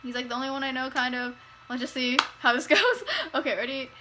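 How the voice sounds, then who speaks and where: A woman's voice: high voice, level tone, quick pace, sharp tone, a little hiss or hum, poor audio. A young woman hosting a music video reaction, gushing, squealing and laughing as she watches. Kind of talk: excitable reaction commentary. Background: faint music from the video being watched.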